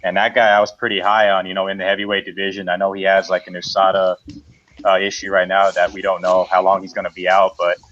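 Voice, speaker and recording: A man's voice: low voice, monotone, quick pace, fairly bright tone, dull audio. A man co-hosting a casual fight-preview show, giving picks with many fillers and restarts. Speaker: co-host.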